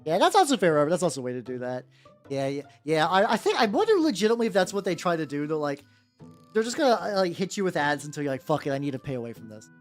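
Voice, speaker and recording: A woman hosting a casual live stream while painting miniatures, rambling and swearing freely, with soft music behind her. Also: sing-song. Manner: rambling, swears casually, quick pitch jumps when quoting people. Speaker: vtuber host painting miniatures. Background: soft background music.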